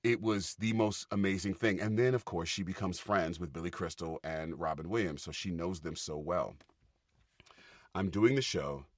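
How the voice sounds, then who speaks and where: A middle-aged man, a stage actor, telling stories on a casual podcast, animated and quick to laugh and get loud when excited. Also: low voice, dry recording, clean studio sound. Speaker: guest, Broadway actor.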